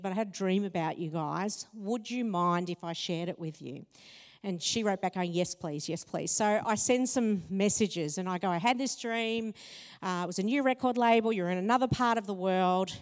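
A woman preaching a sermon, telling personal stories in a lively, expressive way that climbs in pitch when excited. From Italian heritage. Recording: long hall reverb.

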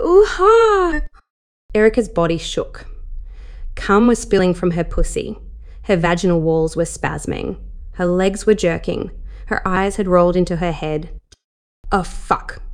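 A woman narrating an adult story in a soft, steady reading voice as the channel host. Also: on the low side.

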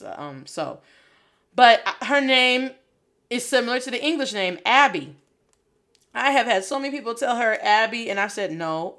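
A woman's voice: mid-range voice, a bit bright. A woman coaching learners in a casual video lesson, encouraging and dropping Spanish phrases into her English.

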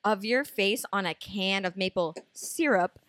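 A woman's voice: medium pitch, measured pace, fairly bright tone, no room sound. A young woman co-hosting a casual podcast, playful and teasing, laughing often. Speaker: podcast co-host.

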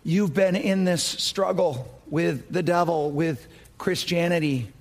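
A man preaching a sermon as pastor, telling a story dramatically and dropping to low, quiet tones for effect. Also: slow.

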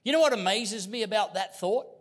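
A middle-aged Australian man from Queensland preaching a sermon as a guest pastor, telling stories with humor and dropping to hushed tones. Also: sits high, a little fast. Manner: storytelling with humor, dynamic swings from loud to hushed. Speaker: visiting pastor.

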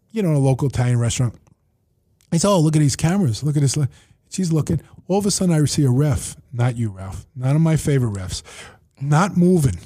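A man telling stories in a casual podcast chat, acting out his own and others' lines as he goes. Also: mid-range voice. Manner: animated storyteller, quoting himself and others. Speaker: facility owner and manager. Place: table in his facility.

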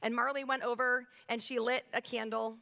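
A woman pastor in her thirties, her voice on the high side, creaky, bright and forceful, delivers a sermon with a personal story in a flat way at a moderate pace. She speaks earnestly and conversationally right to her congregation, and the sanctuary recording has long hall reverb.

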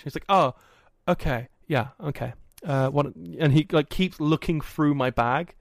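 A man hosting a podcast, telling a story in a casual, animated and self-mocking way. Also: a little high, normal speed, creaky, no echo. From England. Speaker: podcast host. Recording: dry, poorly set up audio.

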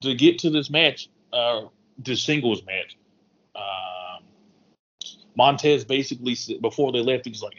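A man's voice: mid-range voice, expressive, unhurried, long pauses, a bit bright, slight background noise. A man co-hosting a casual wrestling podcast, an enthusiastic fan who retells the show in detail. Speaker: podcast co-host. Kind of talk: casual wrestling recap chat. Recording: dull lo-fi sound.

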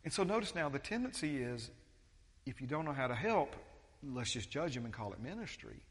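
A man's voice: medium pitch, sing-song, a little fast. Pastor guy, casual rambling sermon, lots of restarts, big church hall echo. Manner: conversational, full of restarts and quoted voices.

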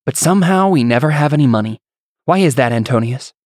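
A man voicing a blacksmith's weary wife who speaks in a sharp, accusing way. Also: medium pitch, expressive, fast, no echo, clean studio sound, pitched above the performer's own voice, natural voice. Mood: angry. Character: bitter, worn-down wife of a blacksmith.

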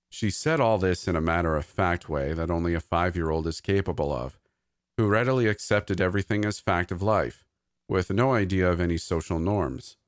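A man with a deep, low voice reads a scripted horror story in a measured, even way. The sound is dry and close, with no room around it. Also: no echo.

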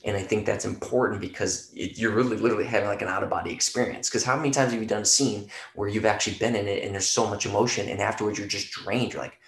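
A man's voice: lowish voice, steady tone, fast talker, hardly any pauses, roomy sound. A man in casual podcast conversation, rambling loosely and swearing freely, packing his talk with fillers like "you know" and "right".

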